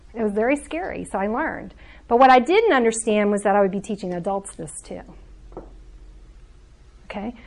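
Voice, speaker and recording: A middle-aged woman coach giving a lively, conversational teaching talk to a group, often laughing as she explains. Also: medium pitch. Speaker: emotional coach.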